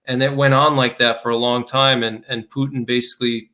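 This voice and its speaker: A man's voice: mid-range voice, steady tone, brisk, pushed and bright. A man talking through current events in a casual podcast discussion, thinking aloud with frequent restarts.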